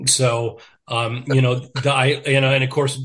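A man's voice: mid-range voice, flat delivery, normal speed, a bit bright. An older man, a radio programmer, telling stories in casual chat with plenty of fillers and restarts. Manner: rambling, many fillers and restarts, laughs while telling stories. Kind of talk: casual storytelling conversation.

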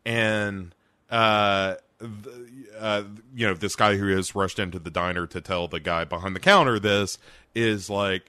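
A man's voice: on the low side, measured pace, clean tone, no room sound. A man co-hosting a casual podcast chat, recapping an episode and acting out scenes in little voices. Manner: animated, acts out scenes in voices. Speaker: podcast co-host.

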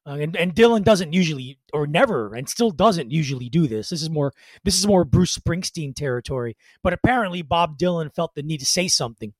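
A man's voice: on the high side, lively intonation, a little fast, hardly any pauses, dry recording. A man co-hosting a podcast, chatting loosely about music history with many fillers and restarts. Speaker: podcast co-host.

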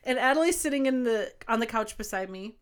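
A woman co-hosting a podcast, telling a rambling story in an animated, casual way. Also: a little high, quick pace, clean tone. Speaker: podcast co-host. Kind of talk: casual chat.

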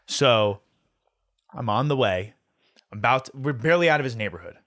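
Young man, podcast host, swears a lot, animated storyteller. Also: medium pitch, fairly quick. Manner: profane, animated storyteller who swears often. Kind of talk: casual storytelling chat.

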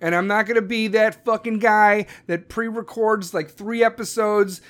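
A man's voice: high-pitched, fairly even intonation, moderate pace. A man hosting his own podcast, talking in a brash, profane, ranting monologue. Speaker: podcast host. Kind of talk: casual solo podcast monologue.

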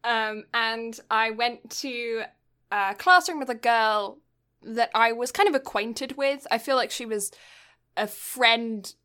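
A woman's voice: a little high, slow pace, pushed and bright, clear, resonant tone. A young woman from Britain telling a long story in casual chat, rambling with lots of fillers and getting exasperated.

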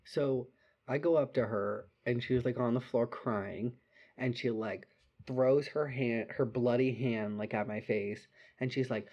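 A man's voice: medium pitch, unhurried, lo-fi sound. Young man telling a wild story. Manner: animated, swearing, lots of "like". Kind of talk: casual storytelling chat.

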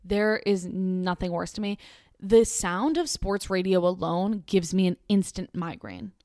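A woman's voice: on the low side, measured pace, a little mellow, dry recording, clean studio sound. A young woman in her twenties hosting a casual solo podcast, rambling chattily with lots of "like" and restarts. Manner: chatty, rambling, heavy use of "like". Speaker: podcast host.

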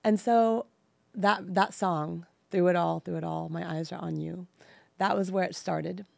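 A woman in her thirties from the San Francisco Bay Area, a podcast guest frankly and emotionally telling her personal story, slowing on painful details. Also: fairly low pitch, fairly even intonation, vocal fry, darkish tone, no echo.

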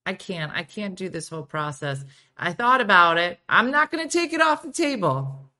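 A middle-aged woman hosts a casual live-streamed morning chat in a low-pitched but bright, forward voice. She talks animatedly, slipping into hushed asides and then jumping up to loud, high exclaims. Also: very animated, moderate pace. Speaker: morning show host.

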